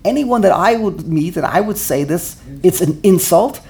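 A man teaching a Torah class in an animated way, often repeating words while he searches for phrasing. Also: sits high, moderate pace, creaky.

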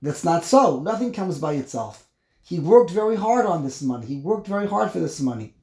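A man teaching a text study class, explaining word by word, animated and emphatic, often repeating himself. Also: fairly high pitch, normal speed, echoey room. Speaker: Torah teacher.

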